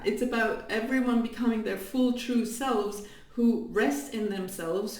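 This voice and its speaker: Blunt woman ranting in an echoey room. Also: fairly high pitch. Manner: animated, blunt, laughs between points. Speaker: twin flame coach. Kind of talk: casual direct-to-camera rant. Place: room, filmed on camera. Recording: echoey room, distant mic.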